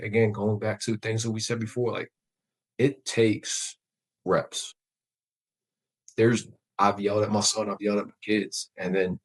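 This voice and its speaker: Guest: veteran man, low flat voice, thoughtful and halting, candid interview talk. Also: low-quality recording. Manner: reflective, measured, with many fillers and restarts. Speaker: podcast guest, Marine veteran.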